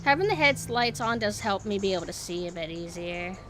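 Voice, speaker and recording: A woman streamer giving casual gameplay commentary, chatting to her viewers and jumping to high squeals when flustered. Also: animated, brisk, noisy background.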